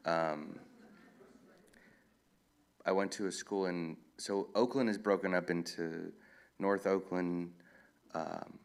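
A man with a very deep, gravelly voice speaks at a live event. He answers audience questions as an author. He tells loose, meandering stories in a relaxed way. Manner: rambling, relaxed storytelling with many fillers. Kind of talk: casual Q&A talk.

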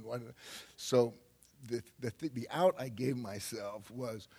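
An older man telling a personal story on stage in a rambling way, laughing often and breaking into sudden loud bursts. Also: medium pitch, unhurried, gravelly, husky. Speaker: speaker on stage. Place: stage before an audience.

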